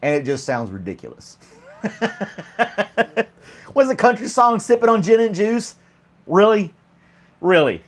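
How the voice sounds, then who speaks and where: A man hosting a casual morning chat show, joking and laughing often while a pet clings to his arm. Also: medium pitch. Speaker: host.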